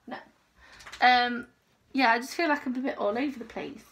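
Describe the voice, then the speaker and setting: Chatty woman vlogger, bright higher voice, rambling home chat. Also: normal speed. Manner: rambling, chatty, talks to her dog. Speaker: crochet vlogger. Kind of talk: casual chat.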